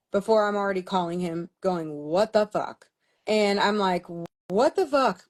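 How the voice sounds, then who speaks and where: A woman's voice: on the low side, a little mellow. A young woman telling a personal story on a livestream in a candid, exasperated way, swearing freely. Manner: candid, exasperated, profane venting. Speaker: vlogger.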